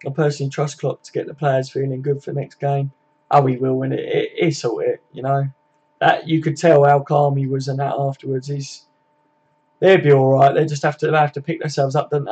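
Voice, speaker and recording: Chatty young lad, flat pitch. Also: male voice, husky. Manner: chatty, swears, tag questions. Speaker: live stream host. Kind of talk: casual live chat reading comments.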